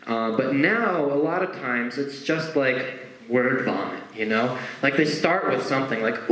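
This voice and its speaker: A man's voice: mid-range voice, moderate pace, crowd noise. A young man doing a stand-up comedy set, talking conversationally with lots of asides. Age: young adult. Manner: conversational, with frequent asides and lively acted quotes. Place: stage performance. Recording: roomy echo.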